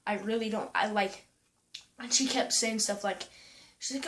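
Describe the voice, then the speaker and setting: A young woman vlogging casually, retelling a story with lots of "like" and quoting people in a higher voice. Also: normal speed, pauses often, fairly bright tone. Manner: chatty, full of "like" and "I'm like", quoting others in a higher voice.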